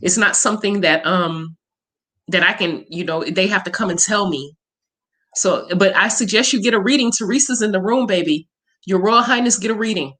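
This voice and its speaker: A woman's voice: medium pitch, normal speed, a bit bright. Woman, spiritual reader hosting a livestream; candid, emotional, salty chat. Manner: candid, profane, emotional and chatty. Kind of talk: casual livestream Q&A.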